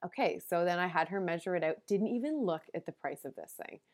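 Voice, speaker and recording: A woman's voice: lowish voice, animated, fairly quick, no room sound. Chatty woman telling a story. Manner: chatty, self-deprecating, laughs at herself. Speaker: podcast host. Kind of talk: casual storytelling monologue.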